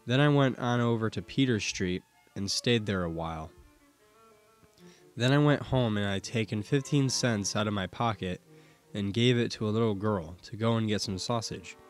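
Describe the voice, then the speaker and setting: A man with a fairly low voice reads old court testimony in the first person, in the unhurried manner of an audiobook narrator. His delivery stays steady and measured, and faint music sits quietly behind him.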